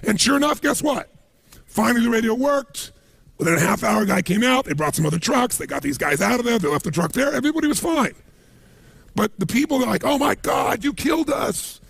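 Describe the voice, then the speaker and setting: Man as motivational speaker, high husky voice, animated storyteller. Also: fast, no room sound. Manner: animated storytelling with emphatic asides. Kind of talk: motivational seminar talk.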